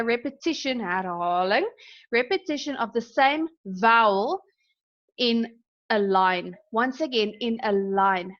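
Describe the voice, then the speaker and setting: A woman's voice: a little high, a bit bright. A young woman teaching a class in a recorded lesson, explaining terms and checking in with "okay?" as she goes. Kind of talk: recorded screen-share lesson. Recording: dull lo-fi sound.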